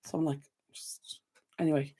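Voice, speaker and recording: A woman's voice: low voice, flat delivery, normal speed, mellow, breathy edge. A young Irish woman hosting a live stream from her desk, rambling in casual rants with plenty of fillers. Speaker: channel host. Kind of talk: live stream chat with viewers. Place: home desk. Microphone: desk camera mic.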